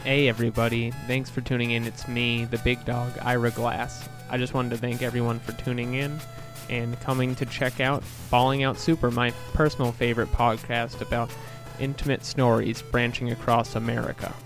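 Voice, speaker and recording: A man's voice: mid-range voice, level tone, moderate pace, hardly any pauses, soft background music, lightly acted. A man putting on a famous radio host's voice for a mock promo read. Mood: deadpan promo.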